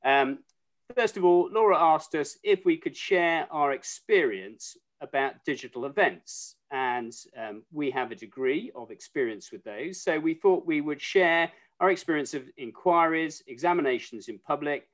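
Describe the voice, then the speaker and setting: A man's voice: fairly high pitch, moderate pace. A man hosting a lighthearted chat over a video call, teasing his guests with jokes. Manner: jokey, warmly teasing. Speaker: host.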